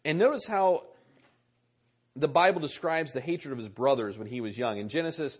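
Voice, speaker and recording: Earnest male preacher, husky lo-fi sound. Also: mid-range voice, lively intonation, moderate pace. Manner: earnest, repeats key words, reads scripture aloud. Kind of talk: sermon. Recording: muffled lo-fi recording.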